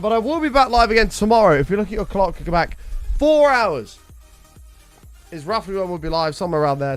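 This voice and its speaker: A young man chats on his livestream in a loose, rambling way, swearing as he goes. His pitch swings up and down with lively energy while faint music plays underneath. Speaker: streamer. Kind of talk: casual livestream chat.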